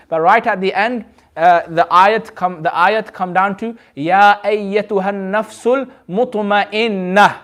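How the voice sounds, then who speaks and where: High-voiced man teaching a class. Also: a bit bright. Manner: explains patiently, repeats points, quizzes the class. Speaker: Quran recitation teacher. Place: community centre classroom.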